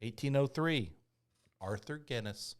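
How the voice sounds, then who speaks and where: Lively older-sounding podcast co-host man. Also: medium pitch, a little slow. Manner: reads out trivia in a mock-solemn refrain. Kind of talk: casual chat.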